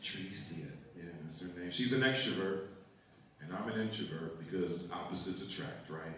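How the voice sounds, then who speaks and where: A young man performing a stand-up comedy set on a theater stage, telling animated stories and acting out quotes. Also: deep voice, normal speed. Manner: animated storytelling with acted-out quotes. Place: theater stage before a live audience. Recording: echoey theater, mic heard from far off. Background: audience room noise.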